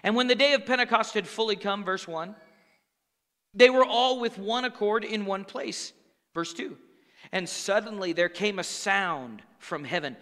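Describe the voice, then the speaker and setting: In a sanctuary that lends a long, hall-like reverb, a man preaches at a slightly slow pace. This pastor has a bright, high, ringing voice, talks conversationally with the congregation, and works in call-and-response asides.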